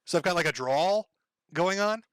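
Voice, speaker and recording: A man's voice: high voice, expressive, moderate pace, a bit bright, smooth, no room sound. A man with a Minnesota accent hosting a livestream, chatting casually to his viewers in a rambling, profane way, often chuckling. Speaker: livestream host.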